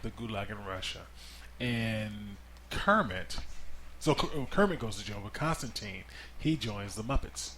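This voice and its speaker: A middle-aged man hosting a relaxed family movie review podcast, easygoing and steering the talk with guiding questions. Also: fairly low pitch, measured pace, a little hiss or hum. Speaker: podcast host interviewing his child.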